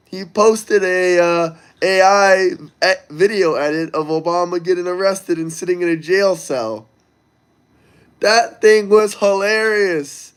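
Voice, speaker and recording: A man's voice: high voice, unhurried, smooth. A man hosting a casual livestream, talking loosely and crudely straight to his viewers as he reads the chat. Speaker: livestream host reading chat.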